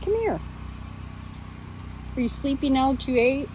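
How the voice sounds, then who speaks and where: Woman, slightly high voice, slow unhurried talk, sing-song baby talk to pet birds, noisy background with birds and passing cars. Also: expressive, a little mellow. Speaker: parrot owner vlogger. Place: home during a power outage, near bird cages.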